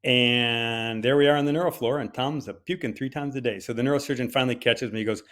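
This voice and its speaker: Older man telling a lively story. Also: mid-range voice, fast talker, few pauses. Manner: animated, conversational storyteller; hesitant with fillers at times. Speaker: physician giving a conference talk. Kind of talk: personal storytelling talk.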